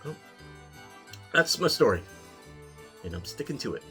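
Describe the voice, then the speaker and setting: A man's voice: mid-range voice, very animated, measured pace, a bit bright, soft background music. A man from Ohio, an army veteran, telling a story in a casual, wry way and chuckling at himself. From Ohio, USA. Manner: wry, dry, chuckling at his own story. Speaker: pipe-smoking vlogger, army veteran.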